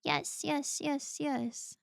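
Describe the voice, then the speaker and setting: A woman's voice: high-pitched, steady tone, extremely slow, creaky, dry recording, clean studio sound. A woman streaming a video game who chats emotionally and giggles often. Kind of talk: let's play commentary. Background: faint game music.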